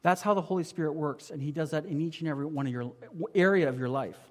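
Conversational preacher, slightly high voice. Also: male voice, fast. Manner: conversational preaching with rhetorical questions; swings from emphatic to quiet and low. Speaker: pastor. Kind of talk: sermon.

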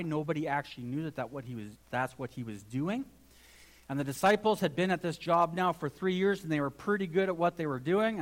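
A man preaching a sermon with earnest emphasis, now and then restarting his phrases as he builds his point. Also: on the high side. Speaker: pastor.

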